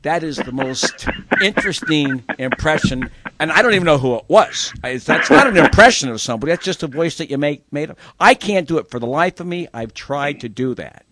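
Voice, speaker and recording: A man hosting a radio show, chatting about show business in an animated way and laughing often. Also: fairly high pitch, fairly quick, few pauses. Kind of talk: casual showbiz chat.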